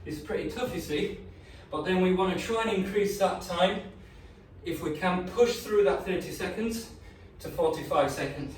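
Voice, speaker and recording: Here a male fitness coach with a high voice speaks at a normal speed while guiding a leg workout indoors at home. He's friendly and encouraging but short of breath by the end. The mic is distant, the room echoes, and faint background noise is present.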